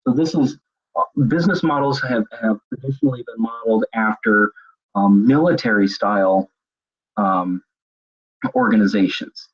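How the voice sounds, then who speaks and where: A man's voice: lowish voice, normal speed, breathy edge. A man presenting a recorded web seminar on leadership, explaining ideas as he thinks them through. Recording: dull lo-fi web seminar audio.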